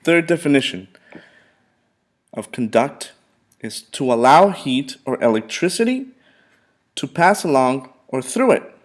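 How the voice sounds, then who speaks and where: Man, teacher, vocabulary lesson, slow repetitive drilling, keeps saying okay. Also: medium pitch, sing-song.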